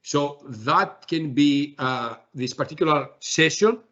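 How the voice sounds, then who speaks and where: A man presenting a software demo in a webinar, talking haltingly with many fillers and restarts. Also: on the high side, expressive, highs cut off.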